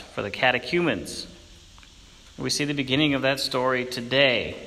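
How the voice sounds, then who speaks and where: A man preaching a sermon, hoarse from a cold, speaking slowly and deliberately with emphatic repetition. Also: medium pitch, sharp tone, in a large hall, a little hiss or hum.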